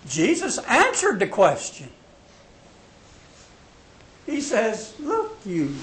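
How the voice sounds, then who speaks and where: A man preaching a sermon, dramatic, swinging from loud to hushed when he voices God's words. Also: high voice, wildly swooping pitch, slow pace, pauses often. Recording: echoey hall with faint noise.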